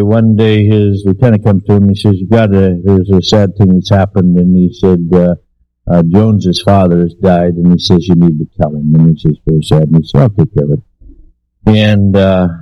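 A man's voice: on the low side, dark tone, dry recording, poor audio. A man preaching a sermon in a folksy storytelling way, with many fillers, acting out the people in his stories.

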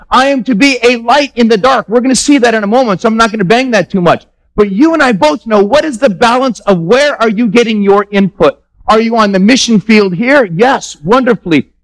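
Brief: male pastor with a high voice, casual but emphatic pulpit delivery, keeps quizzing the congregation. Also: rough recording. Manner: conversational, emphatic preaching with rhetorical questions to the congregation. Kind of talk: sermon. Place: church.

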